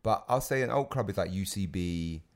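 A British man hosting a podcast in casual chat, slangy and animated, laughing often as he talks. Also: low-pitched, moderate pace. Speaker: podcast host.

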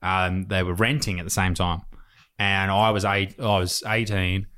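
A man's voice: low-pitched, flat delivery, normal speed, bright, forceful tone. Swearing Australian man telling stories. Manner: crude, swearing storyteller, laughs often. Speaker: podcast co-host. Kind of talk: casual chat.

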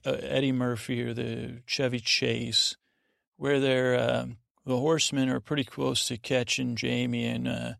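Gravelly man rambling through a bedtime retelling. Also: medium pitch, no room sound, clean studio sound. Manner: meandering, full of restarts and asides. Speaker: podcast host.

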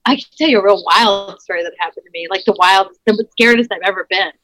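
A woman's voice: mid-range voice, fast, pushed and bright, no room sound, rough recording. A woman, an improv actor, telling a wild personal story in a chatty way, full of "like" and acted-out quotes. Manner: chatty, lots of "like", acts out quotes. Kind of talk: animated personal anecdote.

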